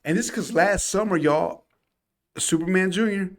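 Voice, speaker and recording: A podcast co-host with a high-sitting voice shares a personal story in casual conversation at a moderate pace. He's earnest and emphatic, often addressing listeners as "y'all."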